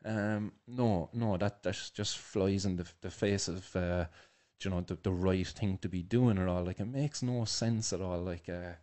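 A young man hosting a podcast, giving casual, sarcastic commentary in a halting way with many fillers and restarts. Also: low voice, warm tone. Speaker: podcast host.

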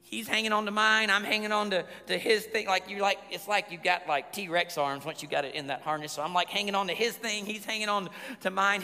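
Loud, bright-voiced pastor. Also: male voice, sits high, creaky, in a large hall. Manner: chatty, humorous storyteller, bursts loud. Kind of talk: storytelling sermon.

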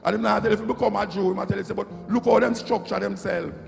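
A man's voice: sits high, steady tone, fast talker, creaky. A middle-aged Jamaican man giving an impassioned, preachy monologue, repeating phrases to drive his points home. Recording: echoey hall with loud music.

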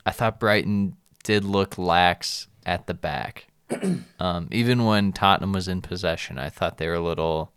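Low, smooth-voiced man talking football. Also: measured pace, hardly any pauses, no room sound, clean studio sound. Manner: relaxed, rambling, laughs often. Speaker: podcast co-host. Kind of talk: casual sports chat.

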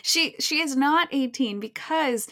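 A woman co-hosting a podcast, chatting casually about a show with quick reactions and sighs. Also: sits high, bright, forceful tone. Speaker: podcast co-host. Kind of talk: casual chat recapping a show.

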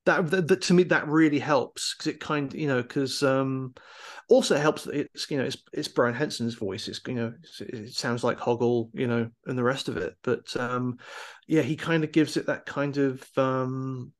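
A man's voice: mid-range voice, normal speed. A man in his forties co-hosting a podcast in casual chat, rambling and hesitant as he talks. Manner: rambling, hesitant, full of restarts. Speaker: podcast co-host.

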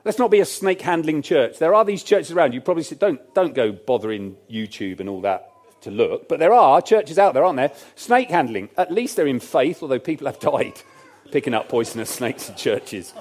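A man's voice: on the high side, expressive, fairly quick. A man preaching a sermon in a church, conversational and emphatic, with jokey asides to the congregation.

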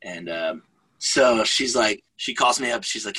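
A man chatting as a guest, telling a story in an animated way and laughing often. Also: on the low side, measured pace, husky, low-quality recording. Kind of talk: casual storytelling in conversation.

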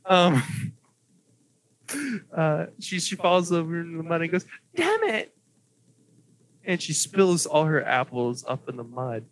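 A man's voice: on the high side, fairly even intonation, unhurried, a little hiss or hum, rough recording. A young man narrating as game master of a tabletop game, hesitant and nervous, with many fillers.

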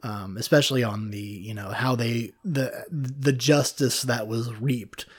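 A mid-pitched man chatting on a podcast in a loose, rambling way. He stumbles through restarts and drops profanity casually. Close studio microphone sound. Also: fairly even intonation, husky. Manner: rambling, profane, halting restarts, laughs often. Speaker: podcast co-host.

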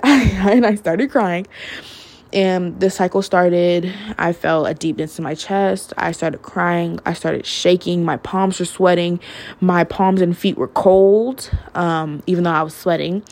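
Her voice lowish and darkish, her tone steady, a young woman talks a little slowly through a casual solo monologue on the podcast she hosts. She's candid and chatty, sprinkling in "like" and "literally" and laughing occasionally.

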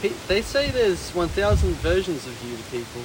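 Rambling man over loud outdoor hiss. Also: high-pitched, sing-song, moderate pace. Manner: rambling, thinking aloud with restarts. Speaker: podcast co-host. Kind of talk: casual chat.

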